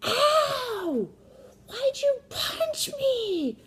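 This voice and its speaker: A woman voicing her young son, a literal-minded boy who protests loudly and keeps repeating himself. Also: very high-pitched, very animated, very slow, pitched above the performer's own voice, exaggerated voice. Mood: hurt.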